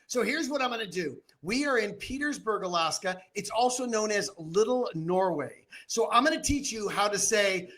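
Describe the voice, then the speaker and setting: A man in his fifties with a high, bright, forceful voice runs a charity auction. He rouses the crowd, shouting cheers and calls to join in. He comes through a video call. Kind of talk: energetic gala emceeing.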